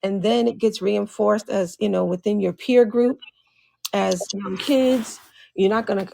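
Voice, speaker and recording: A woman's voice: mid-range voice, measured pace, creaky, dry recording. A woman talking as a podcast guest, telling stories and acting out what people said. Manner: animated storyteller, acts out quoted speech. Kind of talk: casual podcast conversation.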